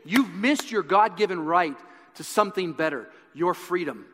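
A man's voice: high voice, expressive, moderate pace, fairly bright tone, in a large hall. A man voicing a defiant medieval warrior leader who rallies nobles, in a sermon retelling. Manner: bold, rallying, impassioned.

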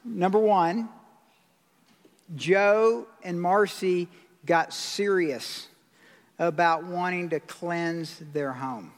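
Slow, high-voiced male pastor. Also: big-room sound. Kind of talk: sermon.

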